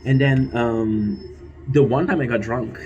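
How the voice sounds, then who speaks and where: A man's voice: mid-range voice, steady tone, unhurried, darkish tone, muffled recording, slight background noise. A man streaming a game and telling stories in a casual, rambling way, repeating his phrases and swearing casually. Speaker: gaming streamer. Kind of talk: casual storytelling while gaming.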